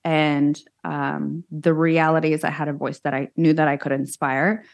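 A woman with a low, full voice speaks as a guest on an interview show. She is frank and plain-spoken, telling her own story in an animated, candid way. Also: normal speed, gravelly. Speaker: guest, social media influencer.

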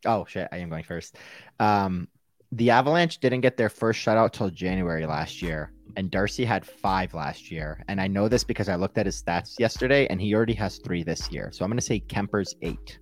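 A man co-hosting a casual sports podcast, excitable, laughing often and swearing casually. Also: sits low, moderate pace. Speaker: podcast co-host and quiz contestant.

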